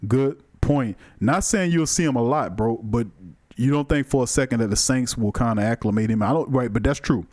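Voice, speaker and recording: Animated New man hosting sports talk. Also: mid-range voice, moderate pace, dry recording, studio quality. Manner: animated, emphatic, colloquial, talks to the chat. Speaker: sports talk show host. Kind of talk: live-streamed sports call-in show, reading chat.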